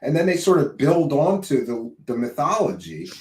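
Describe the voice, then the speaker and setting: A man's voice: fairly high pitch, lively intonation, normal speed, a little mellow, slight background noise. A man hosting a podcast interview, joking and teasing his guest in casual chat. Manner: joking, teasing, playful asides. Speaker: host. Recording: echoey room.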